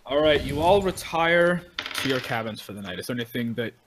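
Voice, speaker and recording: A man's voice: medium pitch, animated, a little fast, noisy background. A man running a tabletop game as game master, narrating scenes to his players.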